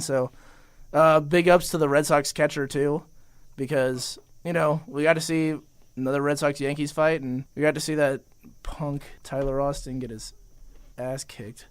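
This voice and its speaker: A young man co-hosting a casual sports podcast, his voice smooth and clear and sitting a little high. He rambles through his points, padding them with easygoing filler. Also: fairly even intonation, moderate pace. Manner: rambling with many you-knows. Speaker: podcast co-host.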